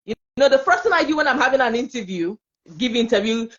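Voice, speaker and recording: A woman with a Nigerian English accent, talking in a casual panel conversation as an expressive, laughing storyteller. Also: on the high side, fast talker, dull audio. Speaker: panel guest.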